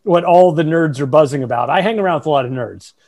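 A man hosting a casual podcast interview, halting, with many fillers and restarts. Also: fairly high pitch, a little mellow. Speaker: podcast host.

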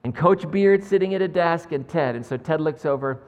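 A pastor with a fairly high-pitched voice preaches at a moderate pace, chatting casually with plenty of "like" and "right?" and joking with his congregation. The sanctuary gives the recording a long church reverb.

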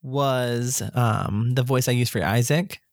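Low-voiced Southern woman chatting. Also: takes it slowly, no room sound, clean studio sound. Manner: playful, laughing banter. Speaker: audiobook narrator. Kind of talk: casual chat.

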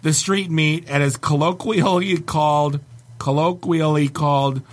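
A man from Canada hosting a casual comedy chat, reading online reviews aloud with wry, deadpan asides. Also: a little high, measured pace. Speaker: podcast host.

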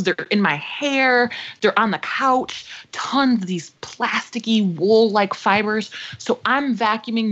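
Young adult woman, casual podcast co-host, emphatic and swearing, lo-fi sound. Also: medium pitch. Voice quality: profane, emphatic storyteller. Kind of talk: casual storytelling chat. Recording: dull lo-fi podcast audio.

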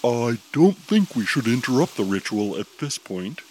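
A man voicing an excitable, nervous male superhero who pleads urgently in a raised voice. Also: mid-range voice, moderate pace, a little hiss or hum, lightly acted, low-quality recording.

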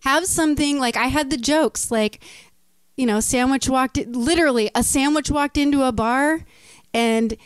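A woman's voice: high-pitched, moderate pace, clean tone, dry recording. A woman musician chatting in an interview, telling stories with lots of fillers and frequent laughter. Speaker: musician guest. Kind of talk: casual interview chat.

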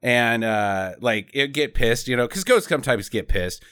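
A man's voice: medium pitch, expressive, moderate pace, fairly bright tone, clean tone. Laughing, profane man recapping a movie. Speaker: podcast host. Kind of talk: casual movie recap chat.

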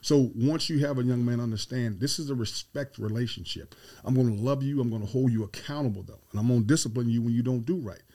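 A man's voice: mid-range voice, quick pace, few pauses, mellow. A middle-aged man, a football head coach, telling stories as a podcast guest and repeating his key phrases with emphasis. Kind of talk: storytelling interview.

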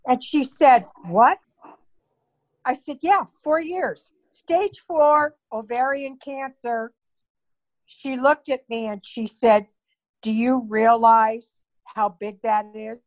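A woman's voice: fairly high pitch, poor audio. An older woman, the host's mother, earnestly recounting a personal story in an emotional way. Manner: earnest, slow, emotional retelling. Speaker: guest, mother of the host.

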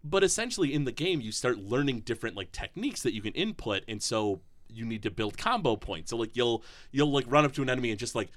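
A man's voice: medium pitch, a bit bright. A man co-hosting a casual podcast, talking enthusiastically and rambling with lots of fillers. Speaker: podcast co-host.

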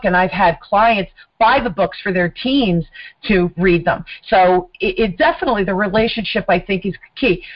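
High-energy woman with a Jersey accent. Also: highs cut off. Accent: New Jersey. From New Jersey. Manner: energetic, talks with her hands. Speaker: podcast host. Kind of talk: casual interview chat.

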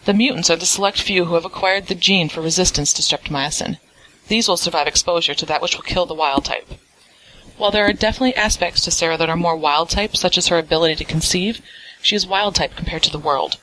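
A woman's voice: on the low side, bright, forceful tone, slight background noise, poor audio. A young woman, an undergraduate, reading out a recorded listener message in an earnest, explanatory way. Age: young adult. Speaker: listener sending audio feedback. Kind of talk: read-aloud voice message.

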